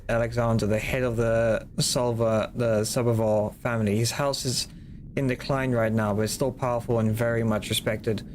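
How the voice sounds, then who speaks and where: A man streaming a game, reading its dialogue aloud and rambling casually with jokes and swearing between lines. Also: mid-range voice. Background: game music.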